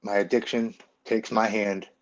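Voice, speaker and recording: A middle-aged man, a guest on a podcast, tells his own story frankly and bluntly. His voice is fairly low and level, and he speaks without hurrying. The recording sounds dull and lo-fi.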